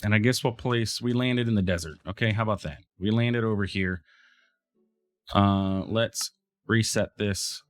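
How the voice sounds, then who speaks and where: A man's voice: lowish voice, measured pace, soft background music. A man hosting a game let's play, thinking aloud in casual commentary and talking back to the game.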